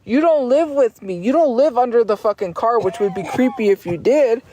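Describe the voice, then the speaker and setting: A woman's voice: a little high, moderate pace, warm tone, a little hiss or hum. A woman livestreamer ranting at her chat in a profane, insistent and defiant way, repeating her points over and over.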